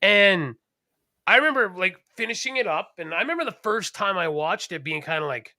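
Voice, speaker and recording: A man co-hosting a podcast, chatting casually in a profane, rambling, animated way. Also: high voice, brisk, no echo, clean studio sound. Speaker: podcast co-host. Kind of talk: casual chat.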